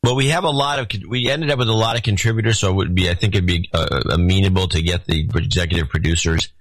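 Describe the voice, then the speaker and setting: A man's voice: low-pitched, quick pace, a bit bright, no echo, low-quality recording. A man co-hosting a podcast in casual chat, reading listener notes aloud with a dry, wry delivery. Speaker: podcast co-host.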